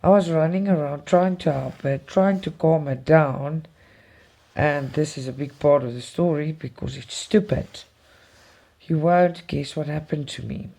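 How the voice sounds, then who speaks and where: A woman's voice: deep voice, unhurried, gravelly, mellow. A woman vlogger, telling a personal story in a rambling, emotional way. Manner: rambling, emotional retelling with restarts. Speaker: cross-stitch vlogger. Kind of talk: casual storytelling chat.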